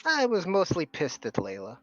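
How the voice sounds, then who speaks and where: A man voicing a suave, scheming male devil lord in a fine suit, who talks in a smooth, polite, bargaining way. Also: fairly high pitch, huge pitch swings, moderate pace, fairly bright tone, highs cut off, slight background noise, voice pushed up.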